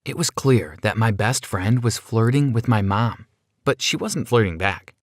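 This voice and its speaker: A man's voice: fairly low pitch, lively intonation, a little slow, no room sound, clean studio sound. A man narrating a first-person story in a plain, conversational way, as a scripted voice-over.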